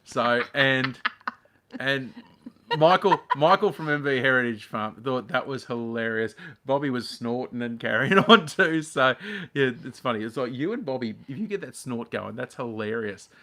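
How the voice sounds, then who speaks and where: Bright-voiced, jokey man. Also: medium pitch, animated, normal speed. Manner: jokey, self-mocking. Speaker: farm channel co-host. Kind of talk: casual live-stream chat. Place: home living room.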